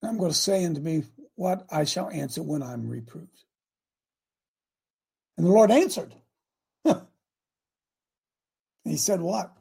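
A man hosting a preaching broadcast, reading scripture aloud and breaking into fiery, animated asides. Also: fairly high pitch, measured pace, creaky, long pauses, slightly rough. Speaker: radio preacher host.

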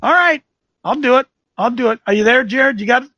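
A man's voice: very high voice, fairly quick, sharp tone, dry recording, lo-fi sound. A man hosting a talk show as a coach, delivering combative, preachy commentary full of rhetorical questions. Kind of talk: fiery commentary with a call-in feel.

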